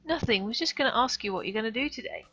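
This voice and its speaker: A woman reading the lines of a calm, ordinary teenage boy in her own fairly high voice. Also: quick pace, slightly rough, exaggerated voice. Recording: dull lo-fi stream audio, faint music.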